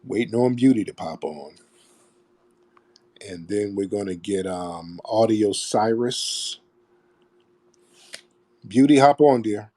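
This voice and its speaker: A man's voice: on the low side, lively intonation, slow pace, long pauses, warm tone. A man hosting a call-in stream, talking in an emphatic, preachy way and repeating phrases for stress. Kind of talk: opinionated call-in commentary.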